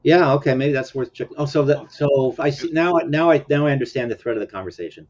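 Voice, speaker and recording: A man's voice: medium pitch, fast, darkish tone. A man hosting a casual commentary chat, chuckling often and meandering with fillers. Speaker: host. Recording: dull lo-fi sound.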